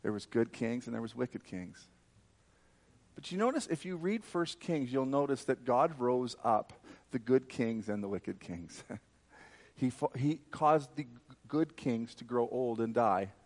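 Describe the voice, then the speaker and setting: A man's voice: medium pitch, lively intonation, a little slow. A man preaching a sermon, fervent and emphatic, telling a personal story.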